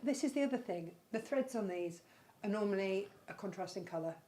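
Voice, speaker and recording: A woman's voice: mid-range voice, animated, a little fast, mellow. Chatty woman hosting a craft stream. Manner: chatty, rambling, fond of her makes. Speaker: craft channel host. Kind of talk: casual live-stream product chat.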